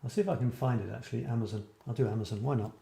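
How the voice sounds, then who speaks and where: A man's voice: mid-range voice, very fast, vocal fry, noisy background. Rambling, chatty Scottish-born man in an echoey room. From Scotland. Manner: rambling, self-interrupting, chatty with viewers. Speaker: host of a creative writing show. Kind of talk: casual live-stream chat.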